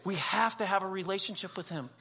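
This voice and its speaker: A man's voice: high voice, quick pace, gravelly, sharp tone, husky. A man preaching a sermon as a pastor, talking conversationally, with humorous asides and dialogue acted out in quoted voices.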